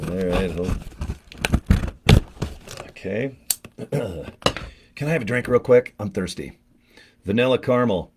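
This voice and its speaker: A man's voice: fairly low pitch, expressive, slow pace, pauses often, background noise. A man chatting casually on a live stream as he opens a gift, rambling with crude jokes and frequent laughs. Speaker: vlogger opening a gift on camera.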